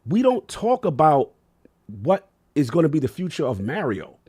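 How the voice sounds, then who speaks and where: A man's voice: a little high, sing-song, moderate pace, darkish tone, breathy edge. A man, talking emotionally and in slang as a podcast co-host. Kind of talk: casual podcast chat.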